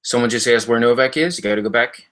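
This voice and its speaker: A middle-aged man hosts a livestream from his home library, answering viewer comments and telling stories in a casual, rambling, halting way full of fillers. His voice is a bit bright and jumps high when he mimics others in his stories.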